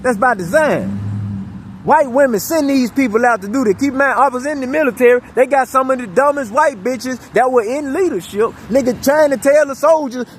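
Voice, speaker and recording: A man's voice: very high voice, moderate pace, slight background noise. A man delivering a profane, rambling monologue, repeating himself and stumbling over restarts. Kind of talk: ranting monologue.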